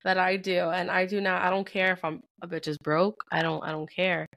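Chatty mom co-host, thirties, animated storyteller who laughs easily. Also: female voice, lowish voice, fairly quick, creaky. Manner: chatty, laughs often, acts out quotes. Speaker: podcast co-host. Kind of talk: casual chat.

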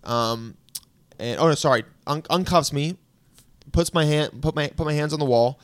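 A young man telling a story on a podcast in a casual, animated way, acting out other people's voices. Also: fairly high pitch, normal speed, clear, resonant tone, dry recording, studio quality. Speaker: podcast guest.

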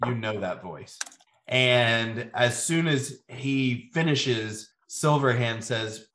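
Man, game master narrating, average pitch, calm storyteller, echoey room. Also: slow pace. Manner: calm storyteller, frequent ums.

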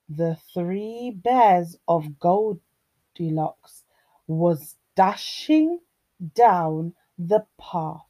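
A woman reading a fairy tale aloud to children, expressive and sing-song, talking to her young listeners. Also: medium pitch. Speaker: children's storyteller.

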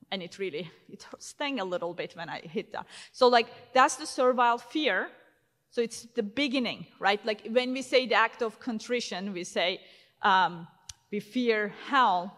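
A woman in her thirties talks to a conference audience in a loose, chatty way, full of fillers and false starts. Her voice sits a little high. The sound carries a long reverb from a large hall. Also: fairly bright tone. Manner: conversational, lots of fillers and restarts. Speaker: conference speaker. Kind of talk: conference talk.

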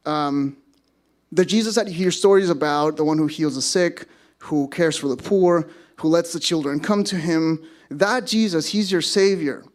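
A man's voice: a little high, moderate pace. A man in his thirties from Mexico, a pastor giving a sermon as casual storytelling with self-deprecating humor.

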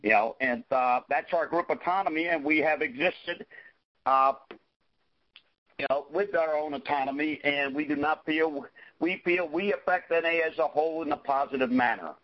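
A man sharing in a group discussion, halting, with many fillers and frequent "okay?" check-ins. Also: a little high. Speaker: recovery meeting participant. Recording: dull lo-fi audio.

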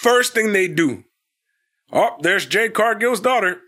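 Animated high-voiced man recapping wrestling. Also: unhurried. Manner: animated, laughing, acts out quotes. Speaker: podcast co-host. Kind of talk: casual wrestling recap chat.

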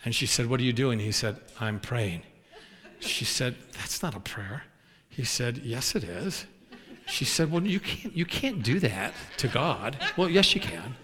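A man preaching, telling folksy stories with lively acted quotes. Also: mid-range voice, unhurried, big-room sound. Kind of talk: storytelling sermon.

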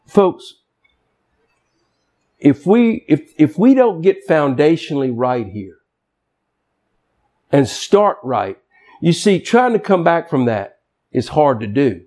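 A man's voice: a little high, big pitch swings, slow, pauses often, mellow. A man preaching a sermon as pastor, emphatic and folksy, with casual, colloquial asides.

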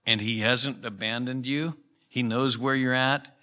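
A man's voice: mid-range voice, fairly even intonation, measured pace, sharp tone. A pastor preaching a sermon in an earnest, conversational way, with emphatic rises in his voice. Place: church.

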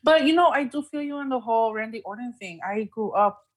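Excited woman co-host in casual chat. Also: on the high side, fairly quick. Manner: excited, laughing, emotional fan talk. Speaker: podcast co-host.

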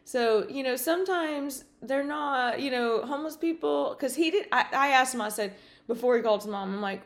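A woman podcast host telling a personal story in a casual, animated way, with many fillers and acted-out dialogue. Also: high-pitched, moderate pace.

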